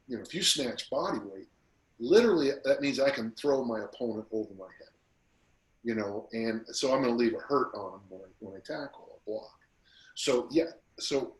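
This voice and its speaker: A man of ordinary pitch, a coach talking as a podcast guest. He tells his stories with energy and slips into voices for the people he quotes. The recording carries a noticeable roomy echo. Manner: animated storyteller who acts out quotes. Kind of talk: casual interview storytelling.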